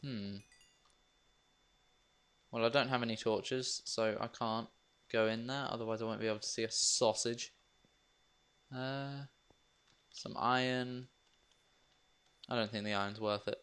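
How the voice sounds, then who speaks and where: A young man plays a game for a let's play, rambling casually and poking fun at himself. His mid-range voice is a bit bright and clean, fairly even in intonation, a little slow, with long pauses.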